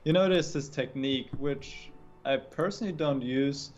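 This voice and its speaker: A man's voice: medium pitch, moderate pace, darkish tone, soft background music. Man explaining chess over lo-fi audio. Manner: thoughtful, explains patiently with frequent restarts. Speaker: chess grandmaster guest. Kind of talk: casual livestream chat explaining chess.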